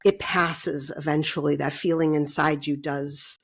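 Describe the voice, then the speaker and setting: A woman hosting an interview, speaking in a measured, reflective and supportive way. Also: low-pitched, steady tone, husky. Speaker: podcast host. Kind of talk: warm conversational interview.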